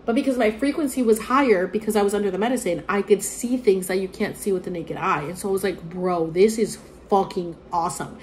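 A woman's voice: medium pitch, fast talker, hardly any pauses, darkish tone, a little hiss or hum. A young woman telling a story to her own camera indoors near a window, chatty and profane, full of "like" and playful voiced quotes. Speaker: vlogger.

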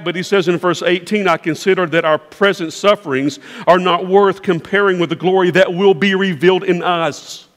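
A man's voice: sits high, fairly bright tone. A man preaching a sermon as pastor, with an emphatic, repetitive preaching cadence. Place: large church sanctuary. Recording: long church reverb.

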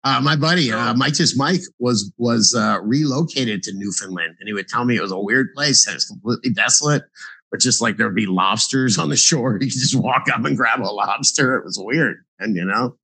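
A man's voice: medium pitch, brisk, pushed and bright, slightly rough, no echo, low-quality recording. A man co-hosting a casual chat, joking and bantering.

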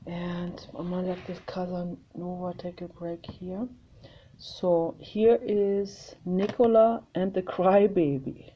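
A woman's voice: on the low side, level tone, takes it slowly. A woman chatting casually in a home video, meandering and thinking aloud as she shows her art. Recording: slightly muffled, faint hiss.

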